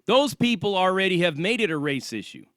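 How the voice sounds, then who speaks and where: A man's voice: sits high, sing-song, brisk, fairly bright tone, no echo, studio quality. A man hosting his own channel, delivering an angry, profane and sarcastic ranting monologue. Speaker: channel host.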